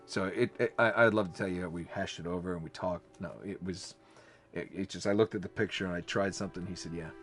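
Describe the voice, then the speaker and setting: A man's voice: low-pitched, steady tone, fast, fairly bright tone, faint music behind. A man, a voice actor, recalling his work in a casual interview, talking hesitantly with restarts.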